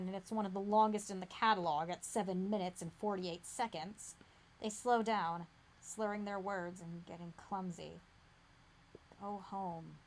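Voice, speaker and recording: A woman acting as game master, reading a gamebook aloud with dramatic suspense that drops to a hush. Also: mid-range voice, a little hiss or hum.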